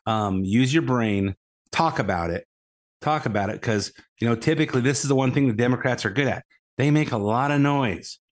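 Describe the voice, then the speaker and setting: A man delivering an unscripted political monologue in a middle-range voice. He rambles, stumbles and restarts his sentences, filling gaps with "uh". His tone stays scornful and argumentative toward the people he criticizes. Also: medium pitch. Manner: rambling, repeats words and fills with uh. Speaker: political commentary host. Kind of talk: casual opinion monologue.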